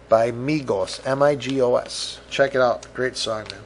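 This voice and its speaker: A middle-aged man hosts a casual solo podcast in a mid-range voice, a little slow but with hardly any pauses. He rambles, swears freely, and mocks himself.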